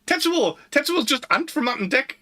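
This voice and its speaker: A British man co-hosts a live-streamed podcast in casual chat, giggling often, rambling, and trailing off mid-sentence. His voice is a little high with a sharp tone, animated but a little slow.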